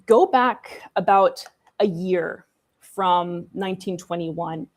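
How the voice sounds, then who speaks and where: A woman's voice: on the low side, takes it slowly. A woman co-hosting a casual history discussion, chatty and irreverent, with sarcastic asides. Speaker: co-host.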